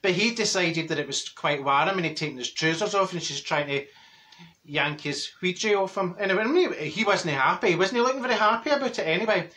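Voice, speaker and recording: A man with a high, animated voice talks fairly quickly in a sharp tone, playing a cheeky, blunt older Glasgow woman in a Glaswegian accent. He rambles through a gossipy comic monologue, laughing at his own jokes.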